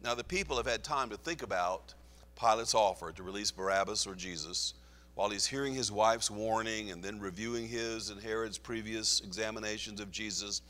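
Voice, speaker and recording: A man's voice: on the low side, a little fast, sharp tone, long reverb tail. A man teaching through a Bible passage, reading scripture aloud with rising emphasis. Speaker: preacher.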